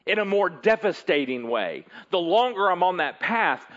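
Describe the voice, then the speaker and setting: A man preaching a sermon in an earnest way, often dropping low and quiet at the ends of phrases. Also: highs cut off. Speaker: pastor.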